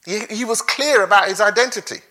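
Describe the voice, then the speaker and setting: Male preacher, animated sermon, fairly high, bright and sharp voice. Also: brisk. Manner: animated, laughs between points, acts out quotes.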